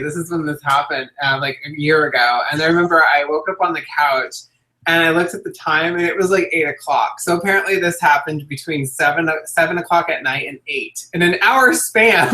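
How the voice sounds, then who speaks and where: A young adult woman co-hosting a casual chat show, telling stories in an animated way and laughing often. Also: on the low side. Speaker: co-host. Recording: echoey room.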